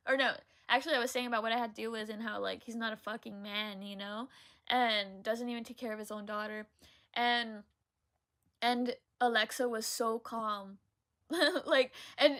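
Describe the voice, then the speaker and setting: Young woman, book vlogger, fairly high voice; loose rambling delivery full of "like," casual swearing, frequent laughs. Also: fairly bright tone. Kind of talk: casual chatty book haul vlog. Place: room at home with bookshelves.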